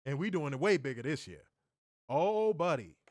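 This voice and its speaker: A man co-hosting a casual livestream, loud and joking. He swears freely, laughs often and swings from shouts down to mutters. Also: a little high, very animated, moderate pace, dry recording, studio quality. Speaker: livestream co-host.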